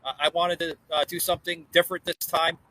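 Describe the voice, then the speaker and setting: A man's voice: a little high, flat delivery, fast talker, bright, forceful tone, slight background noise, poor audio. A man hosting a casual political chat podcast from an outdoor porch, talking in a rambling way with lots of fillers and restarts. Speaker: podcast host.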